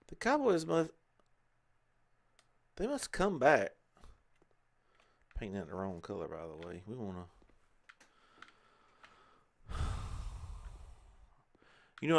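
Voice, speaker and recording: Male let's-play host, lowish voice, rambling casual self-talk over gameplay. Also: big pitch swings, a little slow, creaky, pauses often. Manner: chatty, talks to himself while playing. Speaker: gaming channel host.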